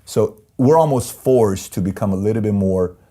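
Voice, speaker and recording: A man's voice: lowish voice, normal speed. A man from Iran, a guest in an interview, telling candid personal stories and acting out the voices of people he quotes. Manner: animated storyteller, acts out quoted voices. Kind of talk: candid storytelling in conversation.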